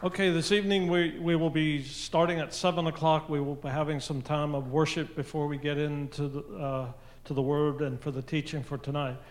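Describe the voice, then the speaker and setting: A man making announcements after a sermon, plain and unhurried, with frequent "uh" pauses. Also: fairly high pitch, little pitch movement. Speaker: church leader making announcements. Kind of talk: service announcements.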